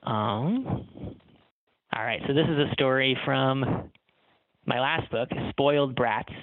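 A male author talks in a halting, filler-heavy way before moving into a casual read-aloud of his own story. His voice sits at an ordinary pitch and comes through a tinny, phone-like line that is bone dry. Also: no echo.

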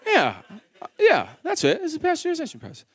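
A man in his thirties performing a stand-up comedy set, telling a story with animated delivery and acted-out quotes. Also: extremely high pitch, a little fast, no echo.

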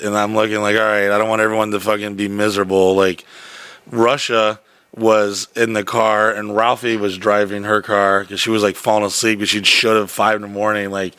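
Man, casual podcast storyteller, profane, rambling, animated; dry close mic. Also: fairly low pitch, no echo.

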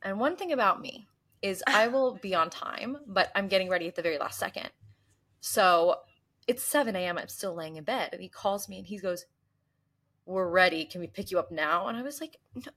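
Animated young woman telling stories. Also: medium pitch, a little fast. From US East Coast. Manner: animated storyteller, mimics voices and gasps. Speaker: podcast co-host. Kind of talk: casual chat.

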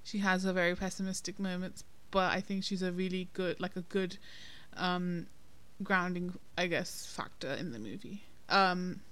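Bright, clear-voiced woman chatting hesitantly. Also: lowish voice, moderate pace, hardly any pauses. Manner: hesitant, lots of ums and restarts, chatty. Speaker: podcast co-host. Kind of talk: casual film-review chat.

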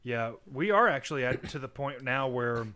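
Bright, lively dad chatting casually. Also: male voice, medium pitch, normal speed. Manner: rambling, self-correcting, laughs often. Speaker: podcast co-host. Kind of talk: casual chat.

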